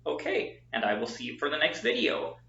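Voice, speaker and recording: A man teaching a recorded lesson at a whiteboard, explaining patiently and repeating words slowly with the stress marked. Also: a little high, huge pitch swings, sharp tone, a little hiss or hum. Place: classroom with a whiteboard. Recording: echoey room, dull lo-fi sound.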